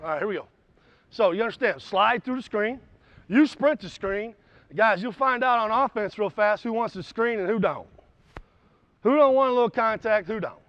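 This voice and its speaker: A high-pitched male basketball coach runs a clinic in a gym, explaining drills in a blunt, folksy way. The sound is dry and a little dull, with no roominess. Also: moderate pace, dry recording. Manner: barks short commands, shouts during drills.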